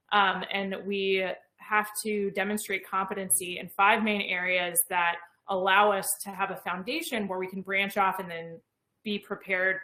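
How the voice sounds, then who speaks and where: Young woman with a bright voice, excited and explaining stuff, echoey room. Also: medium pitch. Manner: enthusiastic and explanatory. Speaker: astronaut guest. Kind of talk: conversational interview.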